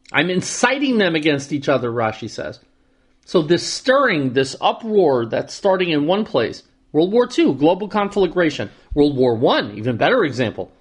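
Male Torah teacher, slightly high voice, explains verse by verse with dry humor. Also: fairly bright tone. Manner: reads Hebrew verses then translates and explains, wry asides. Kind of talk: verse-by-verse scripture lesson.

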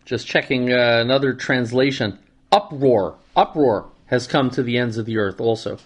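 A man's voice: mid-range voice, moderate pace. A man teaching a verse-by-verse scripture lesson, reading Hebrew lines aloud and then translating and explaining them with wry asides. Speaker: Torah teacher.

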